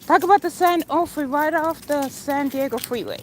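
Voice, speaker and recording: A woman's voice: high-pitched, normal speed, slight background noise. A middle-aged woman hosting a rambling livestream outdoors, chatting to viewers by name and jumping between opinions as she walks city streets. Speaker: livestream host. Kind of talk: rambling livestream chat while walking.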